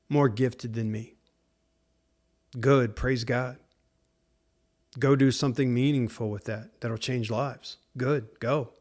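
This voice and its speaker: This middle-aged podcast host offers fathers faith-based encouragement in a mid-range voice. Earnest and emphatic, he speaks straight to his listeners, calling them "man" and "guys."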